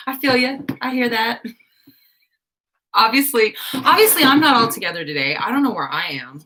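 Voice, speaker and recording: A woman's voice: fairly high pitch, sing-song, moderate pace, pushed and bright. Giggly scatterbrained woman live-streaming crafts. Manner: scatterbrained, self-deprecating, laughs often. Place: home craft room.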